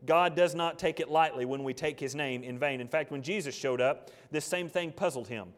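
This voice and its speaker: A man preaching a sermon with passion, firing off rhetorical questions and swinging between loud and hushed. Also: fairly high pitch, normal speed, big-room sound.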